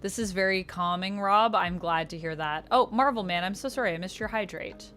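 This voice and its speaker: A woman's voice: medium pitch, a little fast, a bit bright. A woman chatting casually on a livestream while she colors, reading out and thanking viewers. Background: faint background music.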